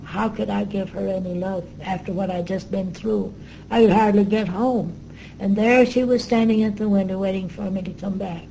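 An older woman being interviewed, recounting her memories in an earnest, reflective way with pauses and fillers. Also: medium pitch, steady tone, creaky, dark tone, a little hiss or hum, rough recording.

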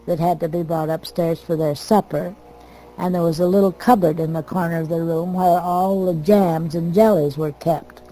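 An older American woman telling family stories from her past in a plain, unhurried way. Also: fairly low pitch, dark tone, rough recording. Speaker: storyteller. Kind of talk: oral history reminiscence.

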